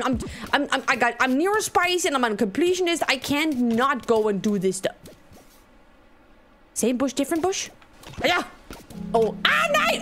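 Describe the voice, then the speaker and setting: A woman streams a video game, chattering to herself and gasping at every new find. Her voice sits high and swoops up and down a lot. Soft game music plays underneath. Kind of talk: let's-play commentary.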